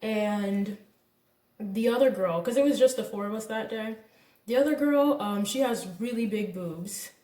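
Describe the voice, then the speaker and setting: A young woman vlogger casually telling a personal story, candid and animated, acting out what people said. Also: mid-range voice, a little slow, recorded from a distance. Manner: candid, animated retelling with quoted voices and laughs. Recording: echoey room, voice a bit off-mic.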